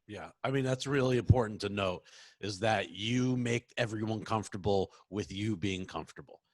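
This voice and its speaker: A man with a low voice moderates a Q&A workshop and reads out audience questions. He stumbles and restarts as he reads. The sound is dry, with no room echo, as on a video call. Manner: halting, stops and restarts when reading questions aloud.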